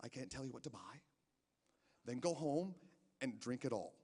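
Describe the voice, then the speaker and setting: A man's voice: mid-range voice, animated, moderate pace, darkish tone, slightly rough. A man doing a rambling stand-up set in a casino, stammering through restarts. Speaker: stand-up comedian. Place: casino stage. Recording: long hall reverb from a live venue.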